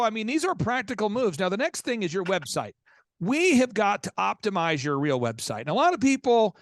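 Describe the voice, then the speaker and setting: In clean studio sound with no room echo, a high-voiced man hosts a business coaching show. He tells stories emphatically, repeating words to build up his points in animated fashion.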